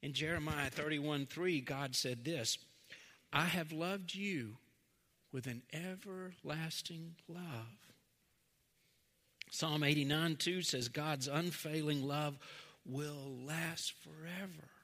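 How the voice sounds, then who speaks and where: A middle-aged man preaching a sermon, earnest, moving between quiet, slow stretches and emphatic lines. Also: fairly high pitch. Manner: earnest, swings from soft to emphatic. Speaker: pastor. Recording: long hall reverb.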